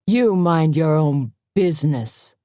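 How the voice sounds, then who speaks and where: A woman's voice: sits low, steady tone, measured pace, warm tone, dry recording, studio quality. A woman voicing a drunk, menacing man at a bar, barking threats.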